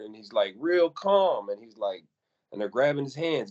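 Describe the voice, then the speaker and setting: A man co-hosting a casual podcast, talking in an animated way, acting out quoted voices and repeating words as he goes. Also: mid-range voice, normal speed, highs cut off. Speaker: podcast co-host.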